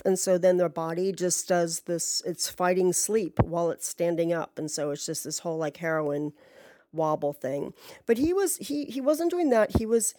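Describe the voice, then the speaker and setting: A woman's voice: medium pitch, warm tone, no echo. A woman telling a rambling story in a chatty, profane way, full of asides and fillers. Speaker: podcast storyteller. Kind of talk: casual storytelling monologue.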